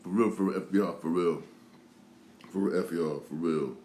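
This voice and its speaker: A man's voice: sits low, normal speed, warm tone, slight background noise. Male host in his 30s, fired-up casual rant full of repeats; echoey room. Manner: repetitive, heated, slangy, many restarts. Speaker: show host.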